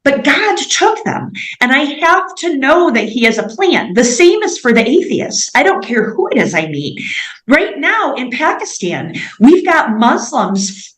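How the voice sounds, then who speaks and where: A woman on a missionary interview, telling her stories in a casual, animated way with many "like"s. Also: high voice, unhurried, reverberant, rough recording. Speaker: missionary guest.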